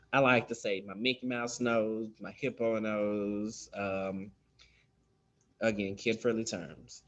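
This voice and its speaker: A man giving a casual spoken lesson on dental terms, loose and chatty with many fillers, acting out how children and staff talk. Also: on the low side. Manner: loose and conversational, many ums, acts out kid talk. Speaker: dental instructor.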